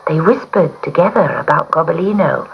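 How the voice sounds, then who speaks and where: Expressive woman reading a storybook aloud. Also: deep voice, moderate pace, creaky. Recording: muffled recording with hiss.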